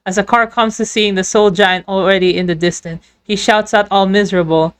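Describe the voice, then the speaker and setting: A woman narrating a game story in a voiced playthrough, telling it in a lively storyteller manner. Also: mid-range voice, fairly quick, few pauses, smooth. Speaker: fan dubber narrating a game.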